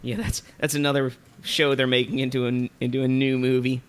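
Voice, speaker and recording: A man co-hosting a casual podcast chat, joking around, humming theme tunes and filling pauses with ums. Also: mid-range voice, little pitch movement, clean tone. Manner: jokey, hums theme tunes, lots of ums. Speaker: podcast co-host.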